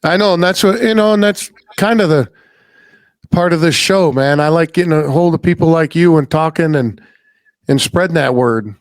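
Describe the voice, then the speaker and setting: A man's voice: a little high, normal speed, no echo. A middle-aged man hosting a podcast, telling a story in a blunt, rambling, folksy way and swearing freely. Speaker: podcast host. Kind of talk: casual storytelling chat.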